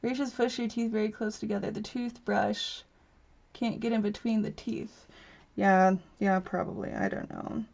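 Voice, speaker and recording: Her voice is medium in pitch, level, gravelly, and a little mellow, and she speaks a little slowly. She's a woman in her thirties hosting a casual craft livestream at home, chatting, laughing, and reading viewer comments aloud over dull lo-fi audio.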